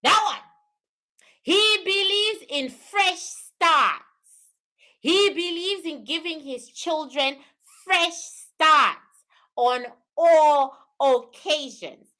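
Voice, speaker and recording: A woman talks on a livestream in a bright, forceful voice, pitched a bit high for a woman. She reads out viewer questions and comments. She repeats her key phrases for emphasis. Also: extremely slow. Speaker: spiritual livestream host. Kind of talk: live-stream talk answering viewer questions.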